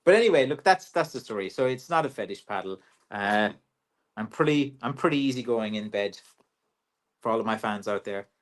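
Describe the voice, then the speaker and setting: A man's voice: medium pitch, lively intonation, a little fast. A man with an Irish accent, a walking stick maker hosting a casual livestream Q&A, chatty and joking with many fillers.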